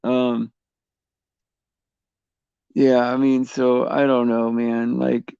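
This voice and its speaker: A man hosting a casual faith chat on a livestream, rambling and halting with many fillers, restarts and frequent chuckles. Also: mid-range voice, little pitch movement, creaky, mellow, clean tone, dry recording, highs cut off.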